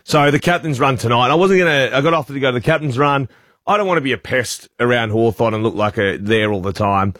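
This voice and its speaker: A man's voice: mid-range voice, fast talker, fairly bright tone, no echo, studio quality. An Australian man co-hosting breakfast radio in casual banter, telling a chatty story and acting out the voices he quotes.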